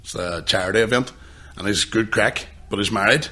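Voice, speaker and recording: A man's voice: lowish voice, a little fast, pushed and bright, breathy edge. A man co-hosting a podcast, telling sweary stories in casual chat with bursts of laughter. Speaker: podcast co-host.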